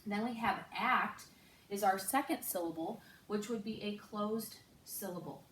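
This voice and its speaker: A woman teaching a recorded phonics lesson to third graders, speaking slowly and clearly and drawing out each sound. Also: mid-range voice, fairly bright tone, slight background noise. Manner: slow, clear, patient teacher talk with drawn-out sounds. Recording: echoey room, distant mic.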